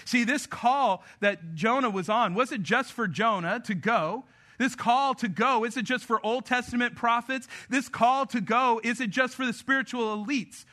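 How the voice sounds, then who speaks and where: Man, pastor, sermon, very high voice, conversational and joking with the congregation. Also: measured pace, bright, forceful tone.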